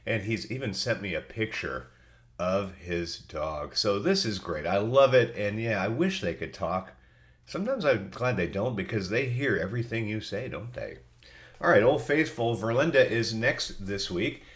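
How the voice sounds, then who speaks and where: A middle-aged man hosts a podcast alone and reads out listener answers. He has a cold and talks in a chatty, folksy way with asides. His voice sits a little low. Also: expressive, moderate pace. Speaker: podcast host. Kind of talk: casual solo podcast reading listener answers.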